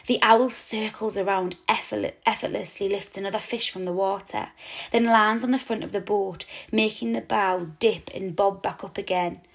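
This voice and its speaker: A woman teacher narrates a children's storybook aloud. Her reading is expressive and dramatic, leaning into each twist of the story. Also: medium pitch, normal speed, creaky.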